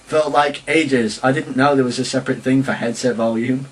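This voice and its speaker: A man's voice: medium pitch, steady tone, normal speed, husky, poor audio. A young man from Sheffield with a Sheffield English accent, rambling and chatty as he rants casually to camera in a vlog. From England. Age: young adult. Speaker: vlogger.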